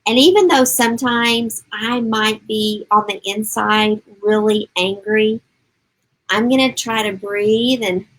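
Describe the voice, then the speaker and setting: A woman's voice: medium pitch, fairly even intonation, takes it slowly, poor audio. A middle-aged woman coaching parents on a live stream, upbeat and encouraging, speaking directly to her viewers and answering their comments.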